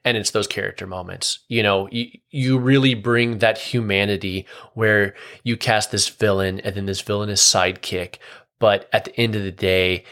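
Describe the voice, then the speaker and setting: A man's voice: fairly low pitch, fairly even intonation, normal speed, fairly bright tone. A man co-hosting a casual chat, laid-back and slangy, chuckling as he describes comic scenes. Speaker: podcast co-host.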